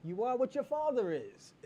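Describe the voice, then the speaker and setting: Male livestream host with a high voice; taunting banter with chat, crude and laughing. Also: sing-song, measured pace, dark tone, slight background noise. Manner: mocking and taunting, laughs often, heavy profanity. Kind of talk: casual livestream banter with viewers.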